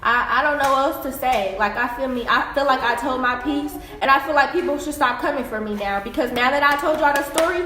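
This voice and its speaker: A woman's voice: sits high, fairly quick, hardly any pauses, a little hiss or hum. Young woman vlogger, blunt and profane, phone recording in an echoey room. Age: young adult. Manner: blunt, profane, animated retelling. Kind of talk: casual storytelling vlog.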